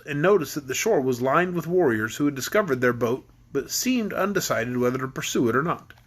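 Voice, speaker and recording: A man's voice: fairly high pitch, fairly bright tone. A man reading a children's book aloud to his kids, easygoing, sometimes stumbling and rereading.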